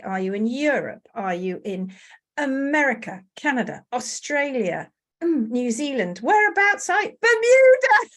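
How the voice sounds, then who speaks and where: A woman's voice: fairly high pitch, fairly bright tone. A woman hosting a live video-call webinar, chatty and bubbly as she welcomes people arriving. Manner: chatty, bubbly, reads out greetings. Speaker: webinar host, horse care instructor.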